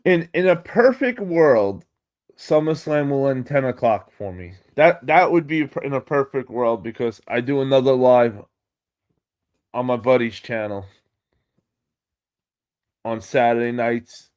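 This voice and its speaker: A man with a New York accent hosting a casual live stream, excitable and swearing freely as he greets viewers. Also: medium pitch, measured pace, long pauses.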